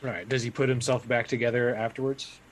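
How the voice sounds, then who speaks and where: Relaxed man, tabletop player. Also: medium pitch, a little fast, poor audio. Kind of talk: casual tabletop game chat.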